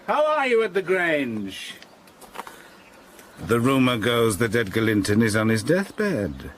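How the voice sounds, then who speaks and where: An actor playing a brooding, vengeful master in a radio drama, sardonic and commanding, breaking into angry shouts. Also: male voice, mid-range voice, huge pitch swings, slow, slight background noise.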